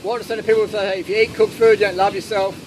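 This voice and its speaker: At a noisy outdoor festival, a high-voiced man answers audience questions in casual Q&A talk. He speaks very fast, telling animated anecdotes and acting out the quotes.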